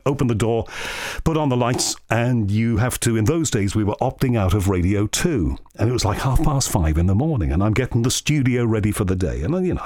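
A man's voice: lowish voice, no echo. Man telling a radio story, dry sound. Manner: storytelling, earnest, animated anecdotes. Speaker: radio host. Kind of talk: casual chat.

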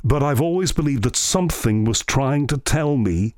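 A man's voice: mid-range voice, normal speed, dry recording. Man telling a radio story, dry sound. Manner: storytelling, earnest, animated anecdotes. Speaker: radio host. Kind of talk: casual chat.

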